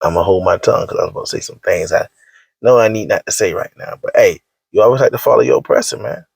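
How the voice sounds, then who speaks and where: A man's voice: deep voice, quick pace, vocal fry, a little mellow, husky, no echo. A man delivering a preachy, scolding rant in slangy speech, hammering his points home by repeating them. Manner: emphatic and repetitive, scolding, slangy. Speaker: online commentator.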